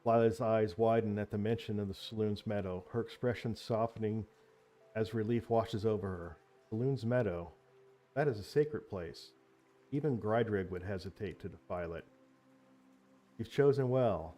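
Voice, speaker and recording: Mellow, low-voiced male game master. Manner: descriptive, measured storytelling. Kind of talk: tabletop game narration.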